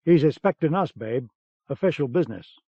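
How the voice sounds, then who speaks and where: Guy doing a gruff loud american officer, skeptical and blunt, muffled old tape sound. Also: fairly high pitch, expressive, moderate pace, no room sound. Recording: dull cassette-era audiobook sound.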